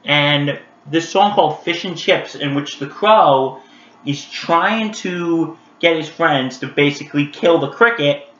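Reviewing an old animated holiday special, a man with a higher voice speaks at a slow pace in a casual, chatty vlog, animated and packed with fillers as he addresses his viewers. The audio is roomy and dull, with a lo-fi quality.

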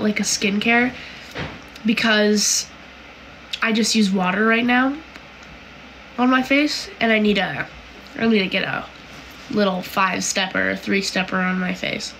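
A woman's voice: mid-range voice, fairly bright tone, a little hiss or hum, rough recording. A woman from Canada hosting a casual livestream, reading viewer comments aloud and answering them in a chatty, giggly way full of "like"s and "um"s.

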